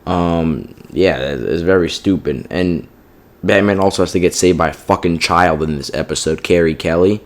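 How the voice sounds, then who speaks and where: Deep-voiced man ranting casually. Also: normal speed. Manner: profane and exasperated, heavy use of "like" and "you know what I mean". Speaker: TV show reviewer.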